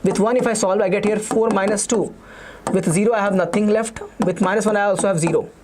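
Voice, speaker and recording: A young man with an Indian English accent teaching a live online maths revision class, talking quickly and repeating himself while reading out students' comments. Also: high-pitched, fairly even intonation, background noise. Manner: fast, repetitive, reads students' chat comments aloud.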